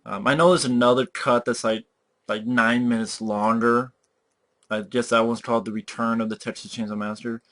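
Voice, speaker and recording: A man giving a ranting movie review, swearing freely and sounding exasperated and animated. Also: medium pitch, moderate pace. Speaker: film reviewer.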